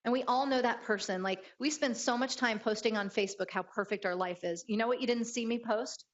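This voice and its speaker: Her voice on the high side and fairly quick, this keynote speaker delivers a motivational leadership talk, with the highs cut off. She acts out the people in her stories with animated flair.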